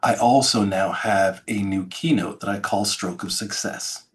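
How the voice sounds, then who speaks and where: Speaking at a measured pace in a lowish voice, this middle-aged man tells his story as a podcast guest who also gives keynotes. He performs the sounds and the lines he quotes with theatrical flair.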